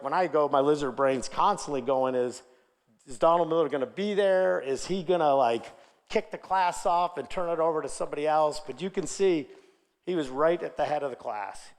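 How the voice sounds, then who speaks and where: A man's voice: on the high side, lively intonation, moderate pace. A man giving a motivational conference talk, telling a personal story with energy and acting out quoted dialogue. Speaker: conference speaker. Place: large conference hall. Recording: hall reverb.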